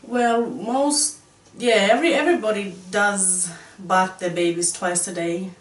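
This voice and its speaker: A young woman from Far North Queensland, a guest mother, who speaks softly and gives short answers. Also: medium pitch, fairly even intonation, a little slow. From Far North Queensland, Australia. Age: young adult. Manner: soft-spoken, short answers. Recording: echoey room, mic at a distance.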